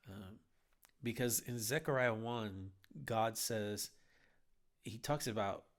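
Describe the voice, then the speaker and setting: A man's voice: fairly low pitch, slow pace. A man hosting a Bible podcast, talking in an earnest, heartfelt, urging way. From United States. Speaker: podcast host. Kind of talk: earnest Bible teaching talk.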